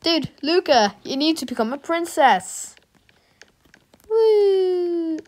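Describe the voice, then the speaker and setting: A woman's voice: sits high, very animated, slow pace, a little mellow. A woman playfully narrating a video game she is playing, breaking into sudden yelps and screams. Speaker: gaming video creator. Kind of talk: let's-play commentary.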